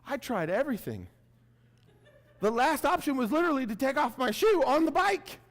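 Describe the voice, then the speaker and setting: A male keynote speaker with a high, very lively voice swings wildly up and down as he tells a self-mocking story. He acts out his own reactions as he goes. The sound carries a long reverb, as if from a big hall. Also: normal speed. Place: large event room before an audience.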